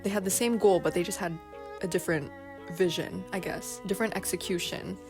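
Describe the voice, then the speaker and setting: A woman's voice: lowish voice, steady tone, brisk, music in the background. A woman casually reading folk tales aloud on her video, breaking off for giggly, playful asides. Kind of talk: casual read-aloud with chat.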